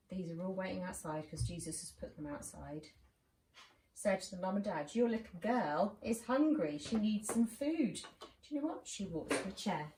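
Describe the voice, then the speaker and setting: A woman leading a children's church session, telling a Bible story with lively voices and asking the children questions. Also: lowish voice. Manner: animated, asks children questions, acts out lines. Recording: roomy and distant with faint noise.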